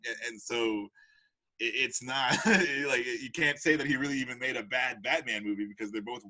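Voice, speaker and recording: Bright-voiced excitable man. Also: medium pitch, normal speed, low-quality recording. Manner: excitable, laughs often, swears casually. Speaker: podcast co-host. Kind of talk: casual chat.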